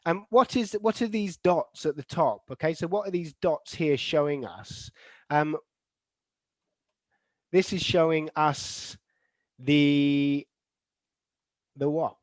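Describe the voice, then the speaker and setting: A man's voice: fairly high pitch, takes it slowly, long pauses, a little mellow, no echo. A man leading an online lesson for teachers, reading replies from the chat, asking the class questions and saying example sentences aloud to show word stress. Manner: many fillers and restarts, models stress patterns aloud.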